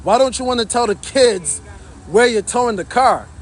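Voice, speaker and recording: High-voiced man ranting to chat. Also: animated, normal speed. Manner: indignant, repetitive, addresses chat. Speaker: livestreamer. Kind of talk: outdoor livestream commentary.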